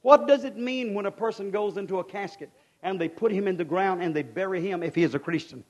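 A man preaching a fervent sermon. He swings from hushed, folksy asides to shouted climaxes and asks the congregation rhetorical questions. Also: high voice, fast, lo-fi sound.

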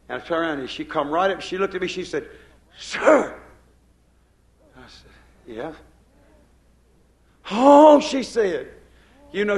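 A man's voice: on the high side, a bit bright. An older man preaching a sermon, emphatic, with a rising and falling preaching cadence.

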